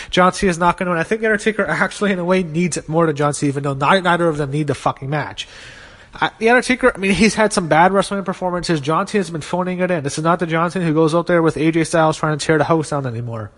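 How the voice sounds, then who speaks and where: A man's voice: fairly high pitch, a bit bright, long reverb tail. A man giving casual, blunt and opinionated wrestling predictions as host of his show, swearing freely.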